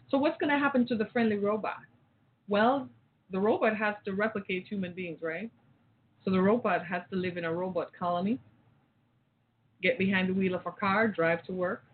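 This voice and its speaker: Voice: medium pitch, slight background noise. Phone caller, impassioned rambling rant, repetitive, rhetorical questions, tinny line. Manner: emphatic, rambling, repeats phrases, rhetorical questions. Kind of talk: impassioned talk-show rant.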